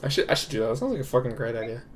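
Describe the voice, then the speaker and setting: A man's voice: medium pitch, big pitch swings, rapid-fire. A young man casually commenting on a game during a live stream, swearing freely and chuckling to himself. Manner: loose, swearing, chuckling asides.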